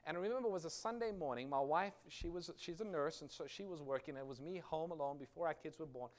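A man's voice: a little high, fast. A middle-aged man preaching a sermon, reading scripture with rising force and telling a personal story. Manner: earnest storytelling preacher, rises loud on quoted scripture. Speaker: pastor.

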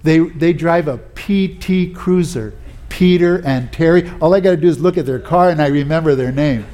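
This preacher's voice is on the high side and dark in tone, moving at a normal speed. He tells personal stories in a folksy style throughout his sermon, frequently restarting and peppering his speech with "you know."

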